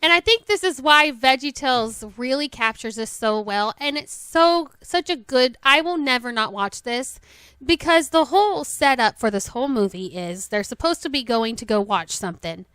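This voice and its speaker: Bright, high-voiced chatty woman. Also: normal speed, clean tone, dry recording, clean studio sound. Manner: animated, chatty, laughs often. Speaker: podcast co-host. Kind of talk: casual chat.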